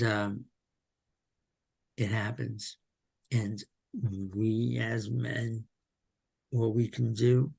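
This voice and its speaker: A man speaking slowly and haltingly as a podcast guest, with many pauses and fillers, telling his story candidly. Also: mid-range voice, vocal fry, darkish tone, breathy edge. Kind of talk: candid personal interview.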